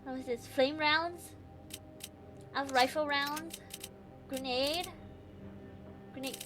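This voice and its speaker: A woman's voice: high-pitched, fairly even intonation, slow pace, over music. A young woman streaming a video game, chatting casually, rambling and giggling to herself. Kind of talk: casual gameplay commentary.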